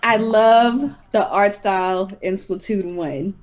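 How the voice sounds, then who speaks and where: Woman host, casual and chatty, easy laugh, mid pitch. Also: takes it slowly. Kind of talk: casual group chat.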